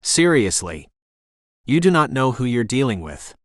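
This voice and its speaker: A male audiobook narrator voicing a blunt, bossy young woman who keeps trying to break up a fight, with a sharp and impatient delivery. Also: medium pitch, big pitch swings, measured pace, dry recording, studio quality. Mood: exasperated. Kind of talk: audiobook character voice.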